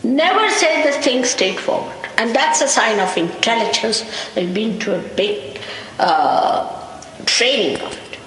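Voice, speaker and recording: A woman's voice: a little high, lively intonation, measured pace, a bit bright. A woman gives a wry, anecdotal spiritual talk to a gathering, breaking into small laughs as she tells stories. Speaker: spiritual teacher. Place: lecture hall in London. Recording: echoey hall, faint hiss, 1985 archive tape.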